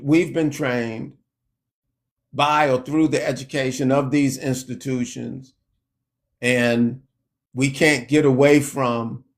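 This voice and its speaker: A man preaching a sermon in a slow, emphatic way, lifting his voice when he quotes scripture. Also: mid-range voice.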